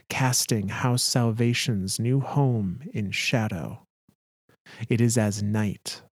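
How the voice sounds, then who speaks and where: A man's voice: mid-range voice, a little mellow, no room sound, clean studio sound. A man co-hosting a gaming podcast, narrating story passages and chatting casually. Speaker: podcast co-host.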